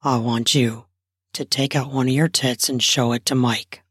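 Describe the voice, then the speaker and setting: A woman voicing a grown husband who coaxes and reassures his wife in a low, soft voice, in improvised erotic storytelling. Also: fairly even intonation, moderate pace, slightly rough, dry recording, studio quality. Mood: coaxing. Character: husband Jasper, a coaxing, reassuring grown man.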